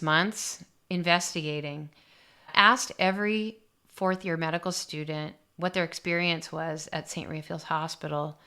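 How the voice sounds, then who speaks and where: A woman's voice: low voice, pushed and bright, clean tone. A woman doctor hosting a podcast, candidly telling a personal story and reading parts of it aloud in a reflective way. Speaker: aesthetic medicine doctor and podcast host.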